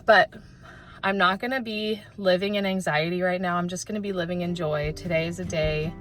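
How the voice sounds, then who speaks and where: A woman's voice: lowish voice, steady tone, a little fast. A young adult woman talking casually to camera as a vlogger, chatty and full of "like" fillers. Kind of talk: casual vlog chat. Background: loud background music.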